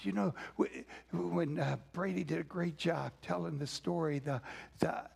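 Gravelly preacher man, slow and dramatic. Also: high voice, darkish tone. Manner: dramatic, drops to a whisper for emphasis. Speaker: pastor. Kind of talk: sermon.

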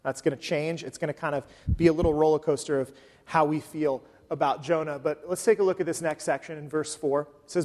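A man preaching a sermon in a relaxed, conversational way, often pausing with "um" between points. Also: a little high. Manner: conversational, with frequent um fillers. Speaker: pastor. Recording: long hall reverb.

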